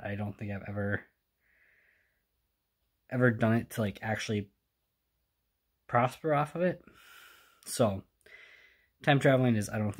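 A man chatting quietly in a casual home vlog, keeping his voice down and sighing now and then. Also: on the low side. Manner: hushed and chatty, with sighs. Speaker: vlogger. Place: home indoors.

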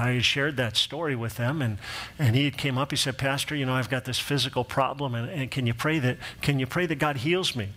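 A man's voice: mid-range voice, a bit bright. A middle-aged male pastor telling a personal story in a sermon, acting out quoted voices and laughing along with his own jokes.

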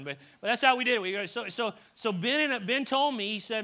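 A man's voice: high voice, brisk, hardly any pauses, pushed and bright. A middle-aged man preaching a sermon in a church, telling personal stories in a chatty way with frequent restarts and stammers. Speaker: pastor.

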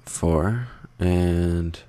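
A young man with a mellow voice that sits low draws out his words. He's hosting a Minecraft let's play, rambling casually over his gameplay while building, talking to viewers and teasing himself along the way.

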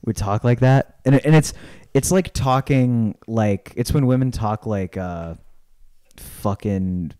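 A man's voice: lowish voice, measured pace, dark tone, smooth. A man co-hosting a podcast in casual, crude banter, swearing often and mocking people. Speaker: podcast co-host.

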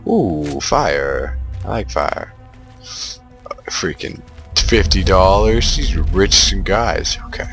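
A man commentating on his own shooter gameplay, excitable and trash-talking the enemies. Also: deep voice, slow, faint music behind. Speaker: gamer playing a shooter. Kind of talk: let's play commentary.

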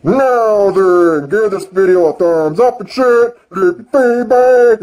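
A man ranting excitedly and profanely in a video reaction, swinging between yelling and mumbling. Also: sits high, slow pace, hardly any pauses. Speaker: vlogger.

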